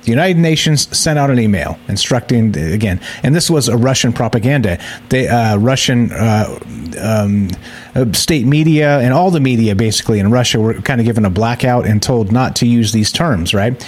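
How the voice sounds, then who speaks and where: A man hosts a live call-in talk show, speaking loosely and off the cuff. His voice sits at an ordinary middle pitch. He rambles, circles back on himself, and drops sarcastic asides between fillers. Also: normal speed, darkish tone. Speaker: podcast host. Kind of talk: casual live-show monologue.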